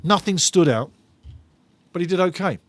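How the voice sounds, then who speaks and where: A man's voice: sits high, lively intonation, moderate pace, no room sound. A male fan host reading viewers' chat aloud during a live football watch-along, enthusiastic and given to repeating his phrases.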